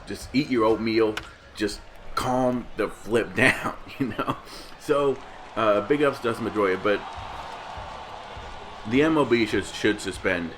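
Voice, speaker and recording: A man's voice: lowish voice, a bit bright, a little hiss or hum. Rambling, heated male vlogger rant. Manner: rambling, heated, many restarts. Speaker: gaming vlogger. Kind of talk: casual ranting commentary.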